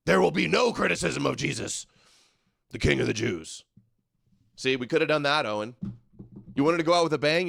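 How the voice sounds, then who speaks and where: Guy reacting live on his show, mocking and sarcastic, gravelly voice, dry sound. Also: medium pitch, no echo. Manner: sarcastic, mocking, bursts into shouting. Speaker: host. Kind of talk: casual live reaction commentary.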